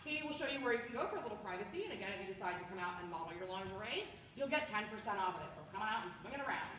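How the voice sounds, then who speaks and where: A bubbly, playful woman giving a lively product demonstration to a group as a party sales consultant. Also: mid-range voice, racing, a little hiss or hum. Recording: echoey room, far from mic.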